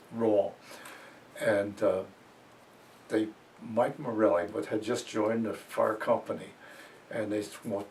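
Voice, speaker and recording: Older man in his 80s, gravelly, rambling storyteller, set back from the mic. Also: mid-range voice, a little mellow, distant mic. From New Jersey, USA. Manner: rambling storyteller, fillers and chuckles. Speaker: interviewee. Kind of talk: reminiscing interview.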